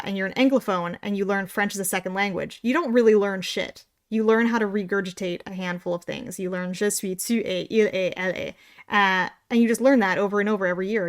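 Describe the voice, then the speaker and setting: A woman's voice: medium pitch, a bit bright. Canadian woman, young, casual podcast co-host, rambling and wry. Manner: chatty, tangents, sarcastic asides. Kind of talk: casual chat.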